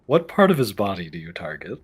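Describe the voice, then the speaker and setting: A man's voice: low voice, wildly swooping pitch, fast talker, slightly rough. A man narrating as game master of a tabletop game, describing scenes in a playful, descriptive way.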